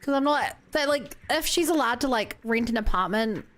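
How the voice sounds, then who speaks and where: A woman's voice: fairly high pitch, expressive, normal speed, fairly bright tone. Chatty young woman streamer. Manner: chatty, rambling, reacting to chat. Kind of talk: casual game stream chat. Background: game music.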